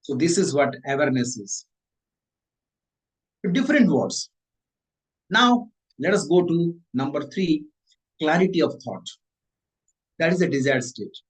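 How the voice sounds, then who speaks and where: A man, a mindset coach giving a motivational talk, repeating and rephrasing his points with animated emphasis. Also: a little high, a little slow, pauses often, low-quality recording.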